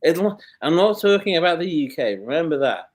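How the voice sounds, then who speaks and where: A man's voice: a little high, big pitch swings, brisk. A man with a London accent, talking in a casual conversation, blunt and rambling, with many false starts. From London, England.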